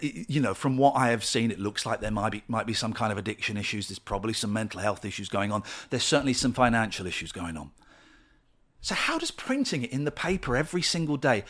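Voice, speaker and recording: Man, radio host as guest, lively voice, heated rant. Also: medium pitch. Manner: impassioned, swearing ranter. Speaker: podcast guest, radio presenter. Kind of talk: candid conversational interview.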